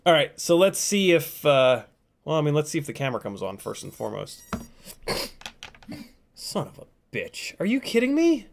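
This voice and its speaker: A man hosting a casual FPV drone livestream mutters in exasperation while tinkering and reading chat aloud, and he is still a bit sick. His medium-pitched, gravelly voice swings widely in pitch at normal speed, broken by long pauses.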